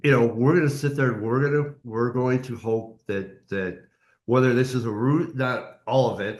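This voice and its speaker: A man hosting an interview, encouraging and upbeat toward his guest. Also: medium pitch. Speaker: interview host, reporter. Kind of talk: casual interview chat. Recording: echoey room.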